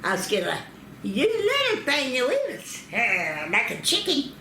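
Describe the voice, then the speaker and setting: A woman's voice: on the high side, wildly swooping pitch, normal speed, pushed and bright, reverberant, a little hiss or hum. An older woman from North Carolina, recalling childbirth stories, acting out quoted voices and laughing often. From North Carolina, United States. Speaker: interviewee telling family history.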